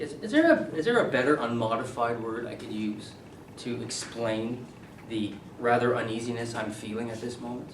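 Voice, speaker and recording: A middle-aged man, a university English professor, leading a classroom seminar, animated and quizzing his students. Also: medium pitch, moderate pace, slight background noise. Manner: animated, asks the class questions and repeats their answers. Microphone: camera at a distance. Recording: echoey room, voice from far off.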